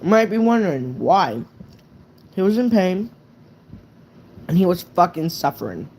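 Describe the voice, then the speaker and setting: A man's voice: sits high, big pitch swings, measured pace, darkish tone, slight background noise. A young man casually telling a true story on a live stream, rambling and swearing, with lots of "right?" fillers.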